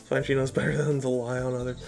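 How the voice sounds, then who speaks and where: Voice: mid-range voice, level tone, quick pace, vocal fry, music in the background. A streamer who just woke up, reading a detective game's lines aloud in put-on voices and breaking off to bicker with chat. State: just woken up. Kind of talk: live game stream, reading dialogue aloud.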